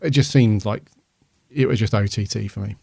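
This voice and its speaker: A man's voice: lowish voice, moderate pace, gravelly, dark tone, breathy edge, no room sound, studio quality. A man co-hosting a podcast, chatting casually in a rambling, hesitant way with many fillers. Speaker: podcast co-host. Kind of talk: casual review chat.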